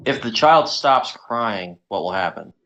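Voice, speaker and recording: A man's voice: on the low side, lively intonation, a little slow, sharp tone, low-quality recording. A man playing a tabletop game, asking unsure questions and swearing now and then. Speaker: player.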